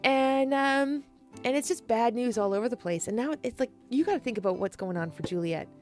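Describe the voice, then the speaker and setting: A woman casually retelling a classic play in a chatty, animated way, laughing and swearing often. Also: fairly high pitch, fairly quick, soft background music. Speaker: storyteller.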